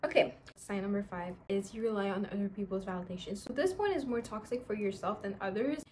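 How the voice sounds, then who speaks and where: A woman's voice: medium pitch, a little fast, a little mellow, a little hiss or hum. A woman vlogger giving friendship advice in a chatty, sassy way, speaking in a put-on accent. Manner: chatty and sassy, addresses viewers as "guys". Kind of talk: casual advice vlog.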